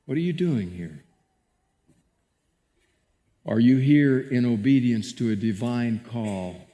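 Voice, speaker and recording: Pastor preaching in a reverberant sanctuary. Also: male voice, medium pitch, slow. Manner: dramatic scripture reading, shifting between hushed and emphatic. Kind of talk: sermon. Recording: long church reverb.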